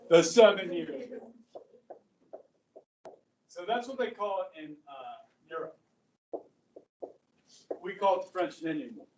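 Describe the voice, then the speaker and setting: A middle-aged man teaching a high school history class, chatty, quizzing students and saying "okay" often. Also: animated, measured pace, pauses often, a little mellow, a little hiss or hum. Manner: conversational, asks the class questions, frequent "okay". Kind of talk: classroom lecture. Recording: echoey room, voice from far off.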